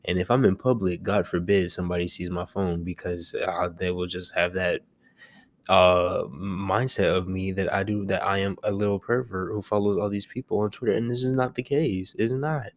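Gravelly low-voiced young man rambling. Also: steady tone, moderate pace. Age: young adult. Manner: chatty, rambling, self-amused; talking quietly at home. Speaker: podcast host. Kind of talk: casual solo podcast chat. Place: home.

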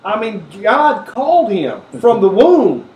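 A man leading a conversational Bible study, animated and acting out the voices he quotes. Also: sits high, slow, echoey room, distant mic, a little hiss or hum. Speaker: Bible teacher.

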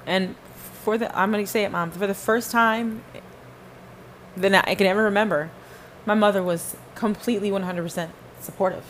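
A woman's voice: mid-range voice, steady tone, moderate pace, slight background noise, poor audio. A woman hosting a podcast, giving a fervent, emphatic spoken testimony and repeating phrases for stress. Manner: talks to listeners and to God in turn. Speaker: podcast host.

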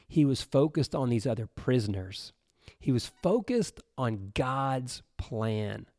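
A man giving an animated, jokey Bible lesson as a preacher, acting out what people might say. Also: no echo, studio quality. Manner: expressive, jokey, acts out quotes with big pitch jumps.

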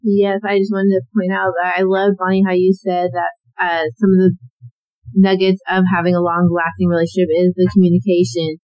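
A woman co-hosting a podcast, speaking in an even, measured way as she sums up a point. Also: lowish voice, dry recording, lo-fi sound. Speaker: podcast co-host. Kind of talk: reflective podcast comment.

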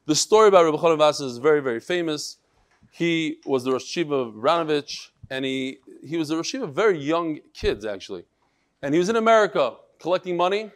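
A middle-aged man teaching a Torah class in lively talk, mixing Yiddish and Hebrew terms into English. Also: a little high.

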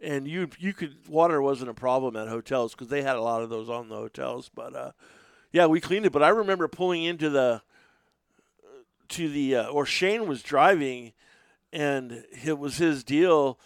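A middle-aged man casually telling animated, profane stories in a podcast chat, sometimes shouting. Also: medium pitch, moderate pace, gravelly, clear, resonant tone, no room sound. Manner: animated, swears freely, shouts when acting out others.

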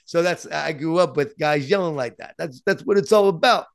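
A man from Long Island with a New York accent, an author telling stories as a guest, animated and self-deprecating. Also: fairly high pitch, moderate pace, gravelly. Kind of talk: storytelling in conversation.

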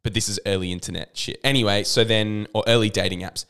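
Man, low voice, smooth tone, casual podcast chat, rambling storyteller. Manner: rambling, animated storytelling with quick impressions. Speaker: podcast co-host. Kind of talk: casual chat about movies.

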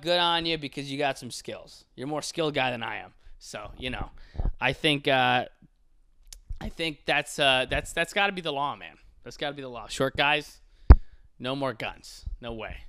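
Bright-voiced man on a profane rant. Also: a little high, a little hiss or hum. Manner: profane, exaggerated, mock-serious. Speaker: comedic commentator. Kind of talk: comedic rant.

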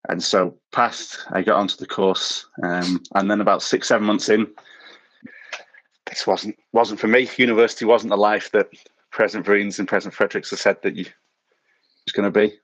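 A man with a lowish voice talks casually as a podcast guest, working his way through long personal anecdotes. He was born in South Africa and tells his stories with a self-mocking streak, often breaking into a chuckle at his own expense. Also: steady tone, moderate pace, fairly bright tone, poor audio. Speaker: podcast guest, former missionary. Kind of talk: casual anecdotal interview talk.

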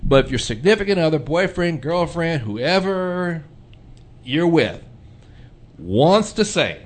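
A radio show host telling a story in casual chat, animated and acting out the people in it. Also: male voice, medium pitch. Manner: animated, acts out quoted people, laughs often.

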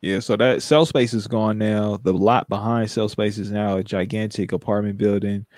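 A man's voice: fairly low pitch, level tone, normal speed, darkish tone, no room sound. Slangy joking man, dry sound. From San Francisco. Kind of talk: casual chat.

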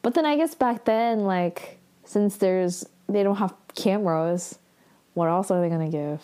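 A woman chatting casually as she recaps a show, full of "like" fillers and excited asides. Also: medium pitch, a little slow, smooth. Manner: chatty, fills talk with "like", acts out characters' lines and squeals in delight. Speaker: drama recap vlogger.

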